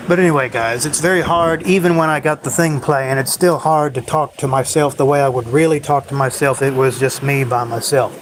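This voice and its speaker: A man's voice: medium pitch, steady tone, brisk, few pauses, slight background noise, low-quality recording. A man hosting a solo livestream, rambling in a brooding, bitter way about life. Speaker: livestream host.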